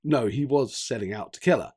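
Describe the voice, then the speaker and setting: A man talking casually about a film, animated and acting out quoted lines. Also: mid-range voice, a little fast, breathy edge. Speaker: film reviewer.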